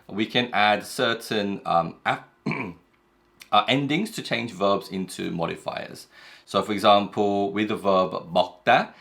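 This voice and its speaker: A man teaching Korean grammar in English, explaining patiently and reading example phrases quickly. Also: on the low side, fairly bright tone.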